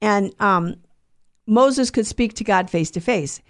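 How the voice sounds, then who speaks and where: A woman's voice: medium pitch, takes it slowly. A woman hosting a call-in radio show and teaching on the Bible in an earnest, conversational way, often checking in with her listeners.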